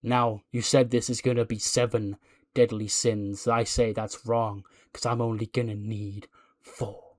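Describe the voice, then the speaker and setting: A man voicing a male cult-leader wrestler who speaks in a drawn-out, sermon-like, menacing way. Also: fairly low pitch, level tone, a little mellow, natural voice.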